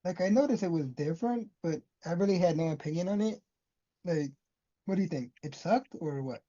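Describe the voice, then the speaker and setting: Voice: mid-range voice, expressive, fairly quick, warm tone, muffled recording. A podcast co-host in casual wrestling chat, laid-back and making short remarks.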